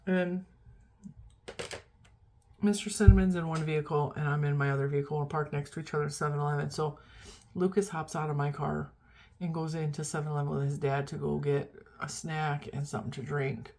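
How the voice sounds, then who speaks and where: A middle-aged woman with a low, deep voice chatting casually to camera. She rambles along and pokes fun at herself. She sounds worn out and keeps yawning between thoughts. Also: steady tone, fairly quick, dark tone, slight background noise. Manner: rambling, chatty, self-deprecating. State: tired, yawning. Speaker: vlogger. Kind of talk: casual chat.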